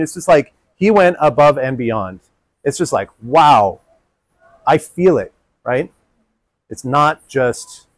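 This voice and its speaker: A man presenting a dating workshop, answering audience questions in an earnest, animated way and acting out inner dialogue. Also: a little high, no room sound. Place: workshop room.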